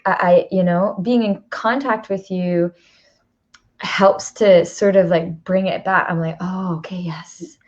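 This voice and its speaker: A woman hosts a casual conversation and speaks in a reflective way, laughing easily. Her pitch is medium. The recording sounds a little dull and muffled. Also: steady tone, unhurried. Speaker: host.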